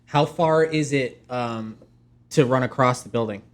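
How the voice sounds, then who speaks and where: A man's voice: medium pitch, unhurried. A man playing a tabletop role-playing game, thinking aloud and reading out spell rules. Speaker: player. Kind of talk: casual tabletop role-play chat.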